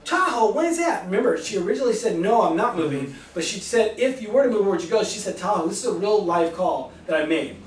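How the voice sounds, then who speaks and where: A man giving a lively sales seminar talk to an audience, acting out phone calls with enthusiasm. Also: high voice, fast, few pauses. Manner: enthusiastic, animated, acts out both sides of calls. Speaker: real estate agent giving a sales talk. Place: meeting room in front of an audience. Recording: echoey room, mic from a distance.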